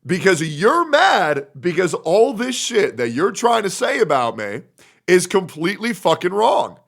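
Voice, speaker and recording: A young man talks to his live chat in a heated, argumentative rant, swearing freely. His voice is bright and fairly high, and it swings widely in pitch as he presses his points. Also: very animated, unhurried, vocal fry. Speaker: streamer.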